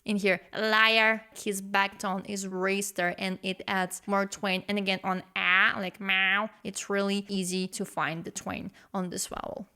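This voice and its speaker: Slow-talking woman analyzing vocals. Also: mid-range voice. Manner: slow and expressive, gasping and swearing in surprise; analytical, explaining vocal technique. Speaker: vocal coach reacting to music.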